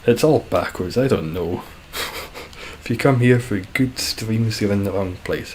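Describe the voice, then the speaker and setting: A man chatting casually and dryly while live-streaming a game, describing his own voice as monotone. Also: fairly low pitch, measured pace, a little hiss or hum. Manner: dry, self-deprecating, calls his voice monotone.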